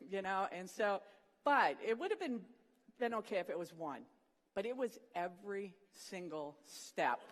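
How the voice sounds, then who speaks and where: A speaker with a mid-range voice, heard in a large hall, gives a devotional talk at a Christian student program's morning session. They animatedly tell a humorous story and act out the quoted lines.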